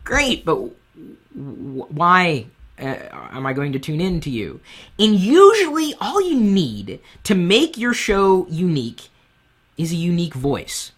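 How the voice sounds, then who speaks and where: A man with a high-pitched voice hosting a live-streamed web show from his studio set, talking candidly and from the heart into a boom mic on top of the camera. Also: unhurried, breathy edge. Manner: animated, candid, speaks from the heart. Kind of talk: live-streamed advice talk. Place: home studio set with lights.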